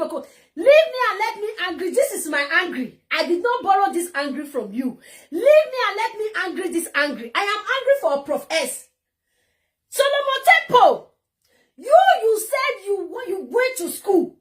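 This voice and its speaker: A woman with a Nigerian accent delivers a heated, mocking vlog rant. Her voice sits very high and swings widely in pitch, and she keeps circling back over her points. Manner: heated, mocking, repeats herself. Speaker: vlogger. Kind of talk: angry ranting vlog.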